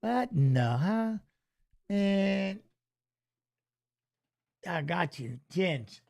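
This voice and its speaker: A man's voice: high-pitched, lively intonation, very slow, creaky, darkish tone. A man hosting a live fight watch-along in a loose, rambling chat, reading out fighter stats and talking to viewers. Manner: frequent "you know what I mean" tag.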